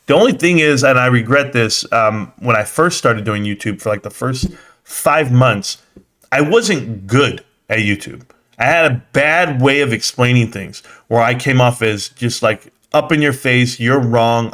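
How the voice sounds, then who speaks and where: A man's voice: medium pitch, fairly bright tone. A young adult man hosting a casual livestream about stocks. He talks bluntly and animatedly, answers chat comments straight back, and laughs often.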